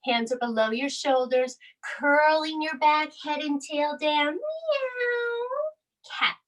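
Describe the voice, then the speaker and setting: A yoga instructor leads children through a bedtime class, reading a storybook aloud in a soft, soothing sing-song. Her voice is high, her tone level, and she never hurries.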